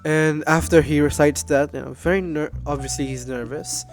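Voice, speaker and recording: A man's voice: a little high, steady tone, faint music behind. A man narrating as game master, easygoing, with lots of fillers. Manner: unhurried, with fillers.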